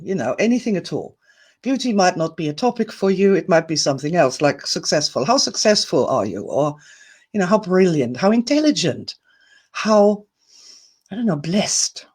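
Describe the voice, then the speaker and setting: A woman giving a recorded self-help lesson, chatty and playful. Her voice sits in an ordinary middle pitch and leans hard on key words. She addresses the viewer directly as she talks. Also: a little mellow.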